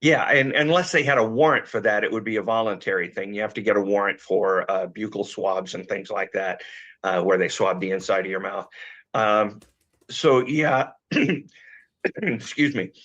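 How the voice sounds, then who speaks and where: A man with a tiring, slightly hoarse voice talks through investigative procedure in a measured, filler-laden way. The sound is dull and lo-fi, like a remote call feed. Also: on the low side, fairly bright tone. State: losing his voice. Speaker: former law enforcement guest. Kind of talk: conversational expert analysis. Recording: dull lo-fi audio.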